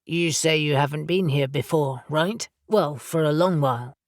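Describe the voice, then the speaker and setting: A woman lowering her voice as a firm, proud male warlock. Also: normal speed, no room sound, clean studio sound, close to an everyday voice.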